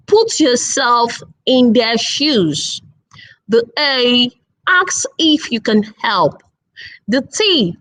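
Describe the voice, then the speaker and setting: A woman in her thirties giving an online parenting talk, earnest and repetitive, stressing points with slow emphatic phrases. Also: a little high, poor audio. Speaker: webinar speaker on parenting.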